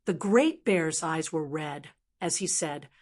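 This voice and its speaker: A woman narrating a fantasy audiobook in an even, steady storytelling manner. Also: sits low, takes it slowly.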